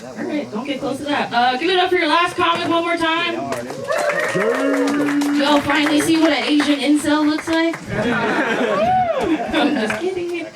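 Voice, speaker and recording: A woman from Colorado doing a stand-up set, casual and self-deprecating, with quick reassuring asides. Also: sits high, expressive, heavy background noise. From Colorado, USA. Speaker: stand-up comedian. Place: outdoor backyard show. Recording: echoey live crowd recording from far off. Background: audience laughing.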